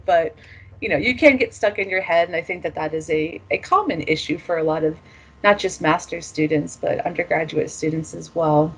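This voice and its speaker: Woman guest from the US, lower register, reflective and chatty with fillers. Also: fairly quick, breathy edge. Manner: reflective, frequent fillers and soft laughs. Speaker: former master's student guest. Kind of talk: casual interview chat.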